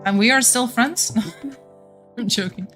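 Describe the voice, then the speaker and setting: A Flemish woman from Belgium whose first language is Flemish, chatting casually with viewers on a game stream, a little monotone at times. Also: on the high side, slow, soft background music. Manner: a bit monotone at times, laughs often.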